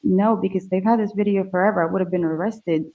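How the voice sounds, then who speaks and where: A woman's voice: mid-range voice, steady tone, quick pace. A woman testifying in court, answering politely but defensively. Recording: dull courtroom audio.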